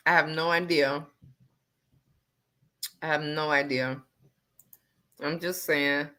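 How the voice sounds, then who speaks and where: Sassy low-voiced woman with a bright edge. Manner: sassy, animated, swings from low muttering to loud exclamations. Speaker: livestream host reading viewer comments. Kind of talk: casual livestream chat.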